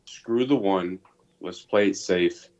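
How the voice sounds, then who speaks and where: A man's voice: low voice, slow, a little mellow. A man calling in to a stream, joking in a laid-back way. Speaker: caller on a voice call. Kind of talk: casual chat. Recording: dull voice-call audio.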